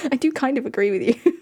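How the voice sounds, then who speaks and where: Giggly woman streamer, fairly high. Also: darkish tone. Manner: giggly, laughs often between sentences. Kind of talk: casual live-stream chat with viewers.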